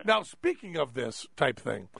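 A man hosting a casual radio chat, telling stories in an animated way and laughing often. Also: medium pitch, a little slow, vocal fry, breathy edge, no room sound, clean studio sound. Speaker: radio host.

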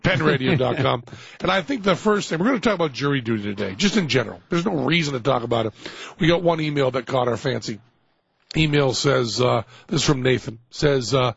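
A man's voice: medium pitch, lively intonation, a little fast, vocal fry, husky, no echo. Radio host, male, rambling comic exaggeration, dry close mic, lo-fi broadcast. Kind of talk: casual radio banter. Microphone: studio microphone.

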